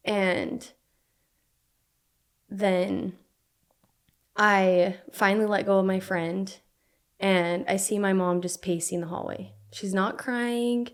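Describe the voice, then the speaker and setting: A young woman from Utah, a podcast guest telling a personal story in a halting way full of "like" fillers. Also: medium pitch, flat delivery, clear, resonant tone. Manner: halting, filler-heavy speech with frequent "like".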